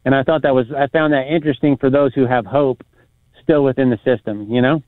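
A man's voice: medium pitch, fairly even intonation, brisk, no room sound. A man in casual podcast chat, telling a rambling story with lots of fillers and acted-out quotes. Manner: rambling, many restarts and fillers, acts out quotes. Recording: tinny phone-like sound.

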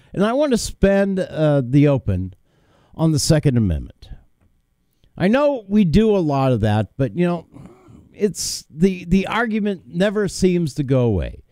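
Hosting a talk radio show, this man argues his opinions in a combative, emphatic monologue full of fillers and repeated words. His voice is on the high side but dark in tone, and the recording has no echo.

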